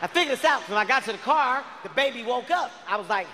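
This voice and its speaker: High, bright, shouting male comedian. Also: expressive, quick pace, slight background noise. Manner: loud, shouting, frantic storytelling. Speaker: stand-up comedian. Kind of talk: stand-up storytelling. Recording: live in a large hall with reverb.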